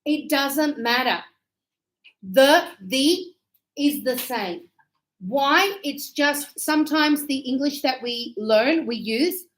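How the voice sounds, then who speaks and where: A woman's voice: sits high, takes it slowly, a bit bright, rough recording. A woman teaching English grammar to a class, chatty and checking in with her students often.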